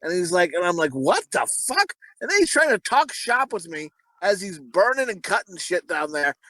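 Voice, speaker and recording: A man's voice: sits high, expressive, brisk, bright, forceful tone, no echo. A middle-aged man co-hosting a podcast, rambling through profane anecdotes with laughing asides. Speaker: podcast co-host. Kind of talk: crude casual podcast banter.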